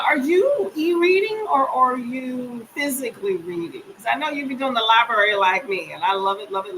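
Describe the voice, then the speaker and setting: A woman with a fairly high voice hosts a reading-sprint livestream from home near the kitchen, with noise in the background. She chats casually with viewers, reading their comments aloud and answering in a folksy way, calling them y'all. She's stuffy and coughs briefly.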